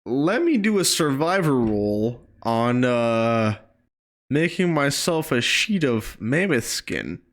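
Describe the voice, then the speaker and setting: A man playing a tabletop game, excitable and quick to laugh, swearing freely. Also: mid-range voice. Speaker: player. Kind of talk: tabletop role-play banter.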